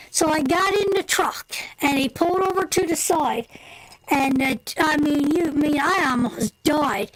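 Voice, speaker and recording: This is a woman with a strikingly high voice telling a story on her live stream. She talks loosely and colloquially, saying "me" instead of "my", with plenty of laughter. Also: low-quality recording. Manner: animated storyteller, breaks into laughter; colloquial, drops into "me" for "my". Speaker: tarot live-stream host. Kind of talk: casual anecdote telling.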